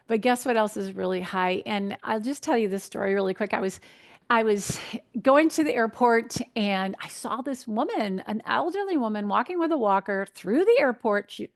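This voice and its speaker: A woman, a registered dietitian, giving a conversational health keynote with frequent fillers. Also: on the high side. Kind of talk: health talk to an audience.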